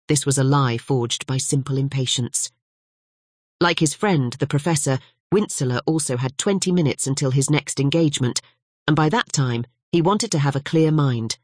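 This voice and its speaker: An audiobook narrator giving scripted, measured narration of a novel. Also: mid-range voice, no echo, clean studio sound. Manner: measured, even storytelling.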